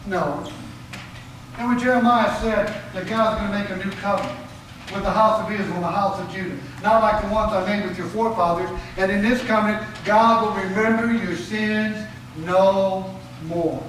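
Guy preaching, fairly high voice, far from the mic in a big echoey hall, lots of rhetorical questions. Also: steady tone, moderate pace, a bit bright, a little hiss or hum. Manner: emphatic, questioning, rising and dropping for emphasis. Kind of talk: sermon.

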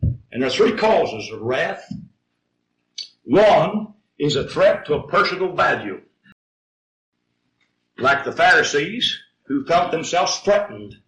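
Male preacher, emphatic and folksy, high-pitched, heard from a distant mic in a roomy hall. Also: a bit bright, a little hiss or hum. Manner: emphatic, folksy, with rhetorical questions. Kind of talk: sermon.

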